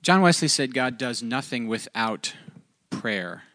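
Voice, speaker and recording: Lively, playful male interviewer. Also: mid-range voice, a little slow, no echo, studio quality. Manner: playful, asks questions, exclaims. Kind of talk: casual interview.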